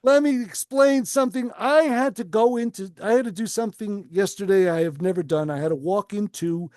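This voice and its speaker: Man, radio co-host, lively storyteller, dry close sound. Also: high voice, fairly quick, no room sound. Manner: animated storyteller acting out voices. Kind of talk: casual storytelling on talk radio.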